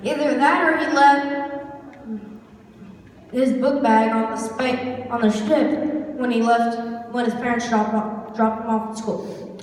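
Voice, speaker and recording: A woman's voice: on the high side, fairly even intonation, slow pace, pauses often, a little hiss or hum. A woman playing a pompous, self-important male announcer in an amateur stage skit, speaking in a mock-authoritative tone, heard from far off in an echoey hall.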